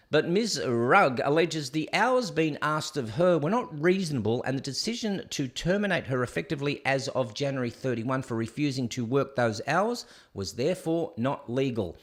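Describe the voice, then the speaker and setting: A man, hosting a live show and telling stories in a rambling, conversational way full of fillers. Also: mid-range voice. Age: 60s. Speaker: podcast host. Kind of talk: live casual chat and rant.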